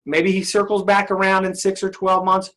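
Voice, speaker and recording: A man's voice: high-pitched, monotone, moderate pace, a bit bright. A male sales trainer leading an interactive session, upbeat and often asking his audience questions.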